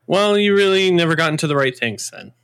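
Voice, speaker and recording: A young man in his twenties chats on a podcast in a bright, forceful voice. He keeps cutting in with questions, and the sound is dry and close. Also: a little high, sing-song, creaky, clean tone, no echo. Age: 20s. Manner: quick to jump in with questions. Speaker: podcast co-host. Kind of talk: casual chat.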